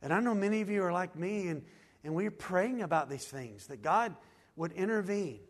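Pastor guy preaching, pretty high voice, earnest, goes loud then real quiet. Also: animated, normal speed. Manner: earnest preaching, swinging from loud pleading to hushed low lines. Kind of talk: sermon.

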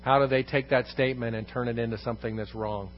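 A male pastor teaching an evening Bible class in a church room, at an ordinary pitch for a man. He leans on repeated phrases and questions the room. The recording is slightly dull, with faint music underneath. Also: fairly even intonation, quick pace.

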